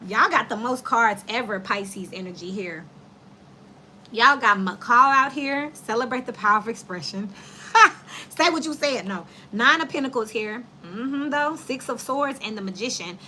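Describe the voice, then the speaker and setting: A woman does a casual tarot reading in a fairly high voice with a bright, forceful edge. She talks bluntly and with animation, full of slang, and she laughs often between her points. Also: animated, normal speed, slight background noise. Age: adult with children. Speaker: tarot reader.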